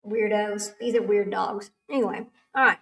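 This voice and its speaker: A woman's voice: mid-range voice, steady tone, moderate pace, vocal fry, fairly bright tone. Older woman, livestream host, rambling chatty manner with laughs; sits back from the mic. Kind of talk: casual chat with live chat. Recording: echoey room, far from the mic.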